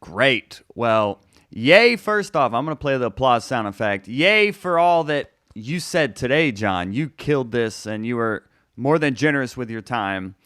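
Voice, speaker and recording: A man's voice: mid-range voice, lively intonation, unhurried, a bit bright, clean tone, no room sound, studio quality. A man hosting a comedy talk show over a video call, upbeat and chatty. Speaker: podcast host. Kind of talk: casual video-call interview.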